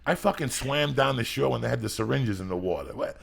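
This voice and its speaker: A man's voice: medium pitch, animated, fairly quick, vocal fry, a crowd in the background. A man, a podcast host telling rambling, profane stories in casual chat. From New Jersey.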